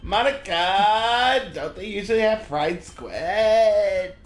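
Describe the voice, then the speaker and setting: Teasing co-host joking over a game, lively pitch, echoey room. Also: faint music behind. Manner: teasing, joking, drawn-out words. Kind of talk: casual game playthrough banter.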